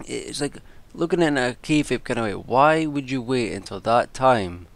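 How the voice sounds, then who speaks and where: Casual male vlogger, gravelly fry, fed-up rambling rant with lots of swearing. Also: mid-range voice, lively intonation, normal speed, dry recording. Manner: exasperated, swears freely, rambling with restarts. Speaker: wrestling commentator and vlogger. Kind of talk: casual ranting predictions.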